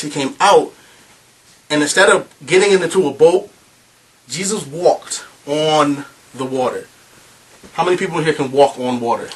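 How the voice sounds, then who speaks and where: Chatty young man telling a story. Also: fairly high pitch. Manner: animated, chatty storytelling with many fillers. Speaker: youth club speaker. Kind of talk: storytelling youth talk. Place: club meeting room with a group of youth. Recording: voice from a distance.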